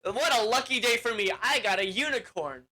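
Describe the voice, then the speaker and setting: A man's voice: extremely high pitch, a little fast, pushed and bright, husky, pitched above the performer's own voice, heavily acted. A man playing a gloating greedy old witch.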